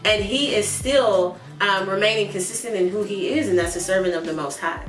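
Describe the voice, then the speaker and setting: A woman's voice: mid-range voice, brisk. A woman teaching a Sunday school lesson in a conversational way, talking earnestly and directly to her viewers. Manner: earnest, warm laughs at asides, talks directly to viewers. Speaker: Bible study teacher. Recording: roomy, from a distance, with soft music behind. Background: faint background music.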